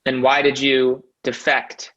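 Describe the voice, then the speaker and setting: A man hosting a podcast interview, earnest and articulate in his framing. His voice sits at a middle pitch. The audio is somewhat dull and lo-fi. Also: monotone, slow pace, fairly bright tone. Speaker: podcast host.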